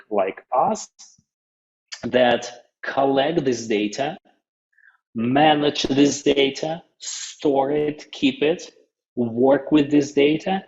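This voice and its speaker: A man presenting a business webinar in non-native English phrasing, halting often and restarting his sentences. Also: medium pitch, darkish tone, highs cut off.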